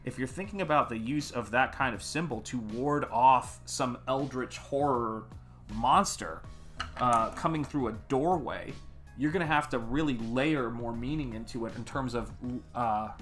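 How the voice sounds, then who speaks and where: A man's voice: medium pitch, normal speed, fairly bright tone, soft background music. A man from America hosting a casual art livestream, rambling and chatty as he greets viewers in the chat. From United States. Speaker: artist livestream host.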